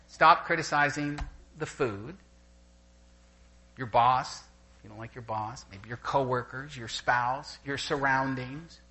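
An older man preaching a sermon to a congregation, telling anecdotes in an animated way and laughing as he goes. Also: mid-range voice, low-quality recording. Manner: animated storyteller who laughs through anecdotes. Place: church gathering with a live audience.

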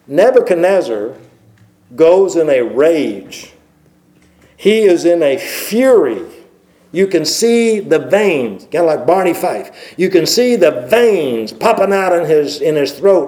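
Male pastor, conversational storyteller, mellow and slightly high voice, preaching at a mic. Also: big pitch swings, slow, low-quality recording. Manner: conversational storytelling, many fillers and restarts. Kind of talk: sermon. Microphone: microphone.

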